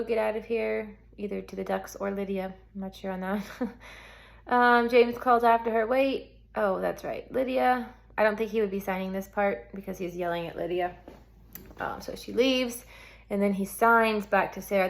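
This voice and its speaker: A woman's voice: mid-range voice, creaky. A woman teaching sign language for a script, explaining each sign in a chatty way with lots of "like" and "um". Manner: chatty, full of "like" and "um", thinks aloud. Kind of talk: casual instruction explaining signs for a script.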